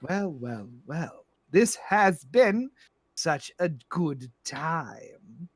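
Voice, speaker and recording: A man voicing a sly old grandmotherly woman who leads a gang, talking slowly and softly with menacing politeness. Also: fairly high pitch, sing-song, no echo, exaggerated voice. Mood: sly polite. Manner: slow, soft, purring politeness.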